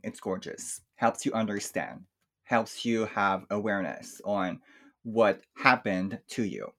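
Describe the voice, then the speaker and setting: A man speaking English as a second language, talking reflectively and softly with many fillers in a casual chat. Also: lowish voice. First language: not English. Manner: reflective, soft-spoken, with frequent fillers. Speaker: podcast guest. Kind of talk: casual chat about emotional healing.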